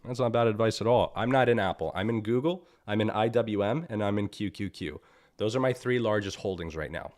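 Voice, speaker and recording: A man with a lowish voice hosts a live trading stream and walks through the charts as he goes. He sounds annoyed and blunt, repeats his points and tags them with "right?" He speaks into a streaming mic. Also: fairly quick, darkish tone. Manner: blunt, repeats himself, asks "right?" often. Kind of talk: live market analysis.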